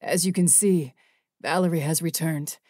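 A woman voicing a calm, firm male leader of a winged band who speaks in a measured, commanding way. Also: sits low, no room sound, clean studio sound, pitched below the performer's own voice.

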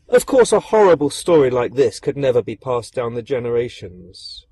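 A male storyteller narrates with expressive, dramatic swings and speaks straight to the listener. His pitch moves a lot, and his tone is mellow with a husky edge. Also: moderate pace. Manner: expressive, addresses the listener directly.

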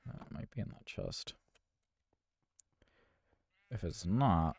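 A man's voice: low-pitched, lively intonation, slow, gravelly, pauses often, a little mellow, husky. A man hosting his gaming channel, giving live gameplay commentary in an exasperated, self-talking way with mild cursing.

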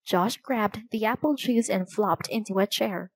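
Woman narrator for a children's storybook, slow and clear, mid pitch, dry close sound. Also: no room sound, poor audio. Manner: slow, clear, even reading.

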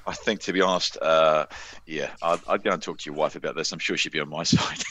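A New Zealand man co-hosting a football podcast, brisk and opinionated, calling people mate. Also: a bass voice, fairly even intonation, sharp tone, a little hiss or hum. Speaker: podcast co-host. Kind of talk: casual sports chat.

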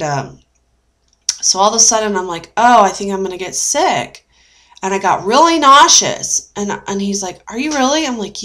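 A woman's voice: mid-range voice, fairly bright tone. A young woman vlogger telling a personal story in a chatty way, with many fillers and restarts. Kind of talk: casual storytelling vlog.

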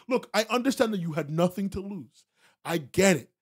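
A man with a high voice hosts a livestream podcast. He goes from level explaining, full of fillers and restarts, to loud, swearing rants at his chat. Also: normal speed, breathy edge. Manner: swings from calm explaining to loud profane ranting; heavy fillers and restarts, laughs often. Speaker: podcast host. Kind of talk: livestream commentary.

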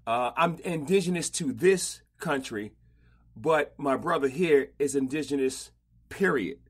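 A man hosting a casual podcast interview, slangy and animated, often repeating himself. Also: fairly high pitch, unhurried, slightly rough. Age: older. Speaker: podcast host.

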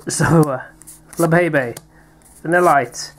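A man's voice: a little high, measured pace, long pauses, a little hiss or hum. A British man chatting playfully while opening card packs, reading out names with little laughs. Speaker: card pack opener, co-host. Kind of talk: casual unboxing chat.

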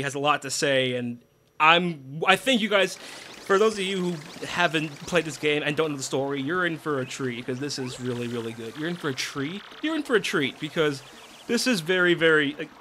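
A man commentating on a video game as a let's play host, excitable and rambling, with many restarts. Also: a little high, brisk, slight background noise.

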